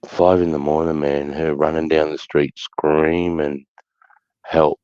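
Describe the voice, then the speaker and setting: A man's voice: rumbling low, little pitch movement, unhurried, dark tone, clean tone, no echo. A middle-aged Australian man telling stories in casual chat, blunt and sweary. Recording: dull lo-fi sound.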